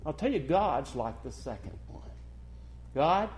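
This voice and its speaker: Fervent preacher man, slightly high voice. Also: big pitch swings, unhurried, a little hiss or hum. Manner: dramatic swings from loud emphatic preaching to hushed, intimate delivery; asks the congregation rhetorical questions. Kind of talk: sermon.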